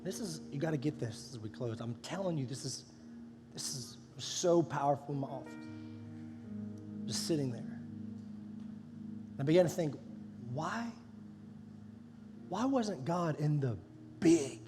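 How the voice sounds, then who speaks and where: A male pastor preaching a sermon, swinging between loud passionate preaching and soft near-whispers. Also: on the high side, expressive, unhurried, long pauses. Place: church sanctuary. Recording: live hall with long reverb and music underneath.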